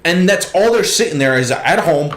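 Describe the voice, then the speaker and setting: A man's voice: on the high side, expressive, normal speed, a bit bright. A man ranting in a casual podcast chat, swearing constantly and getting heated. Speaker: podcast host. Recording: roomy echo.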